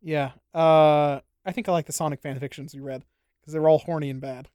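Fast-talking crude podcast host, dry sound. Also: male voice, fairly high pitch, steady tone, a little mellow, clear, resonant tone, dry recording. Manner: rambling, crude, jokey. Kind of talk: casual chat.

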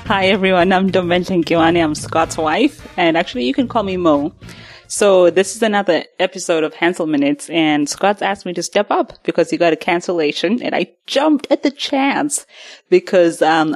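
A woman's voice: fairly low pitch, moderate pace, soft background music. A woman stepping in as guest host, interviewing her husband in a playful, slightly hesitant way. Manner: playful, giggly, hesitant questioning. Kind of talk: casual podcast interview.

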